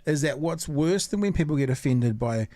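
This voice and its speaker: A man's voice: a little high, lively intonation, normal speed, mellow, dry recording. A man hosting a casual podcast interview, asking long rambling questions. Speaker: podcast host.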